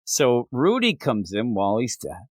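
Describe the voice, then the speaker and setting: A man's voice: mid-range voice, wildly swooping pitch, measured pace, no room sound, clean studio sound. A man co-hosting a comic book podcast, recapping an issue in casual, profane, sarcastic chat and acting out the characters' lines.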